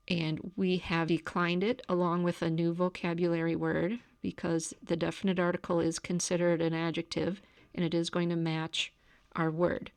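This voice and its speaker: A woman giving a recorded grammar lecture, calmly explaining step by step. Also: fairly low pitch, dry recording. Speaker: teacher. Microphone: camera.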